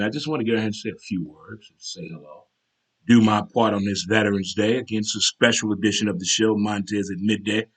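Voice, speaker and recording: A man hosting his own casual talk show, animated and chatty, breaking into military cadence chants. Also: on the low side, slightly rough. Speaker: show host.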